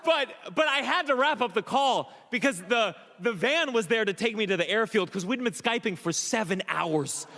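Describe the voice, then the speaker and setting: A man doing a stand-up comedy set, telling an animated story full of stammers and restarts, acting out the voices of the people in it. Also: high voice, normal speed, hardly any pauses, big-room sound. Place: comedy club stage. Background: audience laughter.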